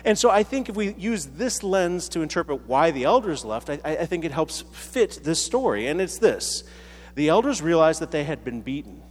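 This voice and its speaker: A man's voice: on the high side, big pitch swings, moderate pace. A man preaching a conversational sermon as a priest, talking casually with many fillers and tag questions. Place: church. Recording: reverberant church hall.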